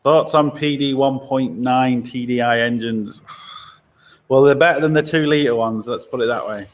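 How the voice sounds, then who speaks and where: A man runs a casual live stream from his garage. He reads out viewer questions and answers in an easygoing, chatty way, laughing often and giving blunt opinions. His voice sits at an ordinary middle pitch. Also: normal speed, slight background noise. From Lincoln, England. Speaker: garage owner and mechanic.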